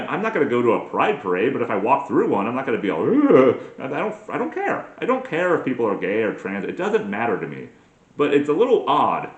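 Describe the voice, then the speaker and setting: A man's voice: mid-range voice, roomy sound, lo-fi sound. A man delivering a rambling, crude, self-mocking comedy monologue, often breaking into put-on voices. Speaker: comedy podcast host.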